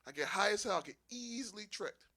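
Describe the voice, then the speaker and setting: High-voiced, animated Philly comedian. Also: male voice, quick pace. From Philadelphia. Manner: loose, animated storytelling with frequent laughs. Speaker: stand-up comedian. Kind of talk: stand-up comedy set. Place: small live venue with audience.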